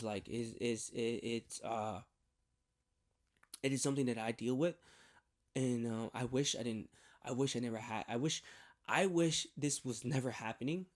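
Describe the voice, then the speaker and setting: A man giving a candid personal faith testimony on his vlog, talking haltingly with many restarts and repeated words. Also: mid-range voice. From New York. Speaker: faith vlogger.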